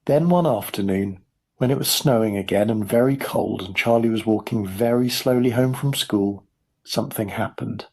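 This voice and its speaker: A man narrating a children's story for English learners in a clear, measured storytelling voice. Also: fairly low pitch, darkish tone. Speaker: audiobook narrator.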